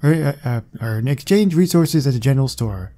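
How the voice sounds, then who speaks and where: A man's voice: mid-range voice, lively intonation, a little fast, dark tone. A man hosting a gaming video, chatting to himself casually as he plays. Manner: chatty, talking to himself while playing. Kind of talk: casual let's-play commentary.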